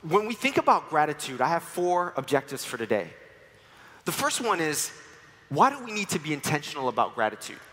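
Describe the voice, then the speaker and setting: A man in his forties from New York preaches to a congregation, weaving personal stories with playful humor. His voice sits a bit high and rings bright and forceful. The sound trails off in the long reverb of a church hall. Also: sing-song, fairly quick. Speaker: church speaker. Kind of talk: sermon with personal testimony. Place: church sanctuary.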